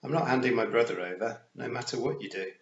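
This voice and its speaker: A man voicing a stubborn, clever nine-year-old girl who speaks calmly and firmly. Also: mid-range voice, fast talker, creaky, reverberant, lo-fi sound, lightly acted. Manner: calm, firm, matter-of-fact.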